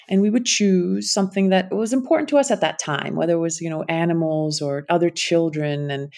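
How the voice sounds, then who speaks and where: A woman's voice: deep voice, vocal fry, a little mellow. A middle-aged woman with a Connecticut accent, speaking candidly and thoughtfully in an interview, sometimes trailing off. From United States. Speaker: impact investing founder and guest. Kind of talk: reflective interview talk.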